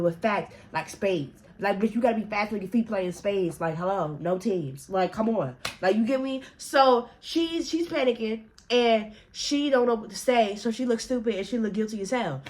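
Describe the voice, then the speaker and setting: A young woman, retelling a story in a casual, animated, profane and slangy way, acting out other people's lines. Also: medium pitch.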